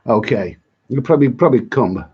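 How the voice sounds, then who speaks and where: On his live stream, a British travel vlogger reads viewer comments and rambles, repeating himself and restarting words often. The voice is medium-pitched, animated, and fairly quick, a little mellow and slightly rough, with the highs cut off.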